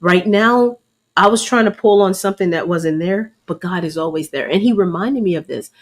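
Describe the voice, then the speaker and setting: A woman's voice: on the low side, moderate pace. Earnest preacherly woman sharing testimony. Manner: earnest, preacherly, addresses listeners as y'all. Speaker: host. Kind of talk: faith-based personal testimony.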